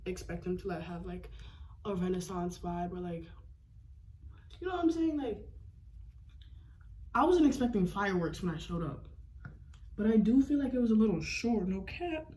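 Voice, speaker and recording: This young woman, a beauty vlogger, walks through a makeup tutorial in a very animated, warm, mid-range voice at normal speed, pausing often. She rambles casually in slang and fills constantly with "like." There's a slight hiss or hum in the audio.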